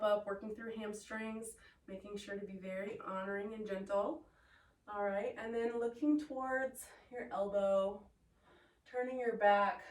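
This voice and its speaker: A woman leads a yoga class with steady, encouraging cues and the odd playful aside. Her voice sits at a middle pitch. It sounds roomy and echoing, picked up from some distance away from the microphone. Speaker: yoga teacher. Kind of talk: guided yoga class instruction. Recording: echoey room, voice from a distance.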